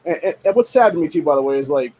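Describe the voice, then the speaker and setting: A man's voice: on the high side, expressive, rapid-fire, a little mellow, poor audio. A man hosting a podcast, giving rambling, profane political commentary in a dismissive, ranting tone, full of filler phrases. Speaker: podcast host.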